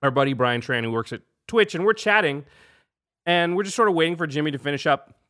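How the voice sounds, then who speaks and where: A man's voice: a little high, fast. A man telling a funny anecdote in casual chat, laughing often and acting out the people he quotes. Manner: lively storyteller, laughs often, acts out quotes. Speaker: podcast co-host telling a story.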